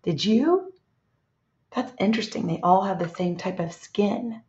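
A woman teacher talks young children through a read-aloud lesson, gentle and expressive, often stopping to ask them questions. Her voice sits at a middling pitch. The room is echoey and the sound is dull and lo-fi. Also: a little slow.

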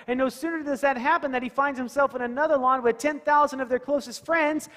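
A man's voice: very high voice, steady tone, quick pace, hardly any pauses, a bit bright, in a large hall. A male pastor giving a conversational sermon in a church, asking the congregation questions and acting out scenes. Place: church sanctuary.

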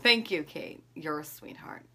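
A woman's voice: sits low, measured pace, vocal fry, bright, forceful tone, husky. A woman in her thirties chatting casually through her skincare and makeup routine, rambling and laughing at herself. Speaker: beauty vlogger.

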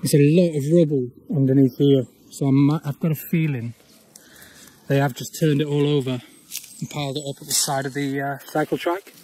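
A man, chatting casually as he walks an overgrown old railway path outdoors, often pausing on "uh". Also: fairly high pitch, fairly even intonation, dark tone, slight background noise. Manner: chatty, with frequent "uh" pauses. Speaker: urban exploring vlogger. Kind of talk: casual walk-and-talk commentary.

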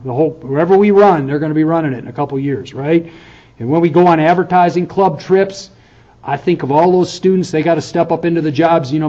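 Casting: professor in his fifties, slightly high voice, earnest lecture-hall talk, muffled lo-fi recording. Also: dark tone. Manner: conversational, earnest, frequent "okay?" check-ins. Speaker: university professor. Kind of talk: farewell lecture to students.

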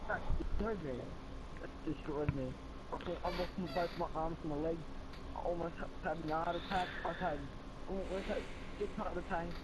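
A man joking around rapidly over voice chat in a game lobby. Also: a little high, fairly even intonation, noisy background. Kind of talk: casual gaming chat.

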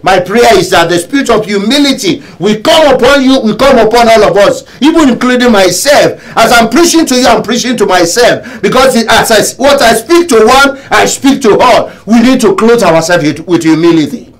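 A man preaching a sermon as pastor, emphatic and repetitive, with sudden shouts. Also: sits high, animated, normal speed, few pauses, rough recording. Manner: emphatic preaching, repeats phrases and bursts into shouts.

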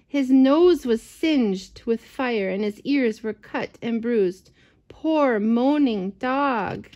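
A woman reading a picture book aloud to a child, gentle and expressive, with chatty asides. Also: a little high. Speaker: storyteller for children. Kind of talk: read-aloud storytelling to a child.

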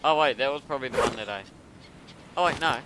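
A man giving casual commentary as he plays a game, excitable and talking to himself, with sudden yelps and laughs. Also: mid-range voice, quick pace, noisy background. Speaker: gaming video creator.

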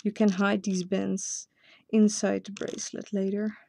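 A woman's voice: medium pitch, little pitch movement, measured pace, gravelly, dark tone. A woman with a Dutch accent, a native Dutch speaker, hosting a casual step-by-step craft tutorial and chatting to herself as she works. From Netherlands. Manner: chatty, self-talking while working.

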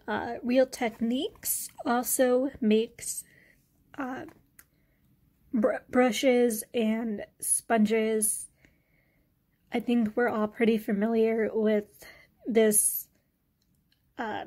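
A woman vlogger casually reviewing beauty products, relaxed and hesitant, with many fillers. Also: a little high, very slow, long pauses.

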